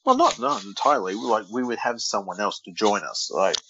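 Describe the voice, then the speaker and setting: A man's voice: fairly low pitch, wildly swooping pitch, brisk, vocal fry, pushed and bright, dull audio, slight background noise. A man co-hosting a wrestling podcast in casual chat, joking and teasing, often stumbling over names. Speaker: podcast co-host.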